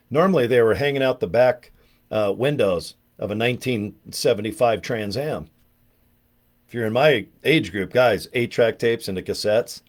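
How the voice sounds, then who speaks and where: Chatty fifties man, lively low voice. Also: moderate pace. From California, USA. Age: 50s. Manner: animated storyteller, chatty and jokey. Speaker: online marketer. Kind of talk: casual rambling monologue.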